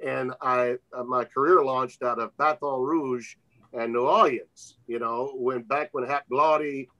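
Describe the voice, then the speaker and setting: A man's voice: medium pitch, fairly even intonation, unhurried, pushed and bright. Older man, folksy veteran broadcaster, muffled audio. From Louisiana, USA. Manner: folksy, reflective storyteller. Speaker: sports broadcaster, guest. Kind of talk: interview conversation. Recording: slightly dull lo-fi audio.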